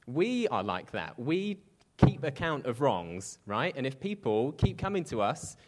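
A man's voice: mid-range voice, very animated, a little slow. A man preaching a sermon in a conversational way, with self-deprecating asides and quoted voices acted out at shifting pace.

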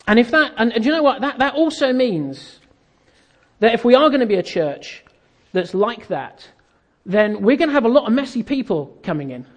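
A man's voice: very high voice, expressive, normal speed. A man giving a sermon as a pastor, telling a story and acting out the dialogue with self-deprecating humor while an audience laughs.

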